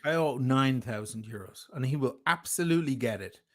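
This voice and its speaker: A man's voice: mid-range voice, expressive, fairly quick. A man speaking as a guest in a heated livestream discussion, defending himself emphatically and sarcastically. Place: lives in Venice.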